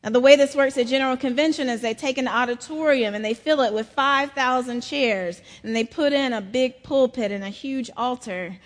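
A middle-aged woman from South Carolina, preaching a sermon in a slow storytelling manner. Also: high-pitched, big-room sound. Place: large church.

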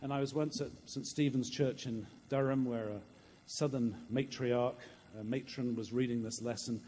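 A man's voice: medium pitch, steady tone, moderate pace, dark tone, big-room sound, slight background noise. A man preaching a sermon in a church, earnest and storytelling, often repeating words as he goes.

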